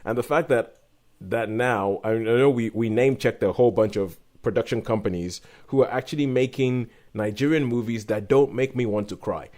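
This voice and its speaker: A man's voice: mid-range voice, moderate pace, a little mellow. A man hosting a podcast, talking in a chatty way with frequent laughs. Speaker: podcast host. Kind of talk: casual chat.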